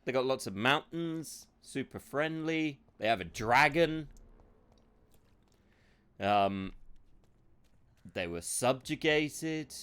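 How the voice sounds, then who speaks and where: Sweary streamer, sarcastic banter. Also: male voice, mid-range voice, animated, slow, pauses often, fairly bright tone, clear, resonant tone. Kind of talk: live game streaming commentary.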